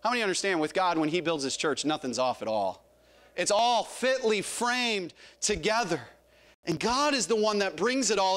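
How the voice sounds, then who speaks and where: A man with a Southern US accent preaching a sermon as pastor, asking the congregation questions and calling on members by name, rising to loud calls and dropping low. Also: animated, moderate pace. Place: church sanctuary.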